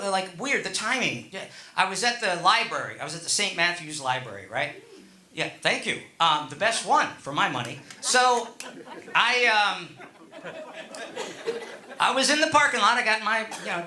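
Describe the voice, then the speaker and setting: A man's voice: sits high, pushed and bright, echoey room. A middle-aged man doing stand-up, telling a rambling story with chuckles and many fillers. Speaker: stand-up comedian.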